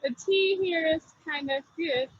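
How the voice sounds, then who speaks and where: A woman walking down a city street on a phone call, pointing out shops in simple, halting English. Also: very high voice. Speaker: guest showing her street on a video call. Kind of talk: casual walking tour chat. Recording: muffled phone-call audio.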